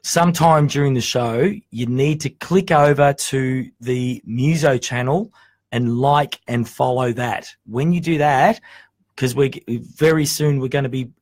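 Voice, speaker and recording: A man's voice: mid-range voice, measured pace, a little mellow, no room sound. A man hosting a casual radio talk show in a chatty, joking way.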